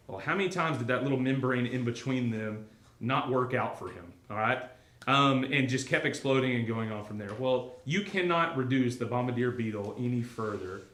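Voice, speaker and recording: A man's voice: medium pitch, fairly bright tone. A man teaching a Bible class in a casual, conversational way, often asking the class questions. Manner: conversational, asks the class questions, many fillers. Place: classroom or church hall. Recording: echoey room.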